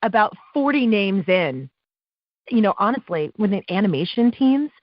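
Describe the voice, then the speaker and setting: A woman guest on an interview show, telling stories about her work as a live awards announcer, with lively quoted dialogue and frequent laughs. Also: medium pitch, normal speed, no echo. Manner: animated, acts out quotes, laughs often. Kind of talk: casual interview storytelling. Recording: dull dry podcast audio.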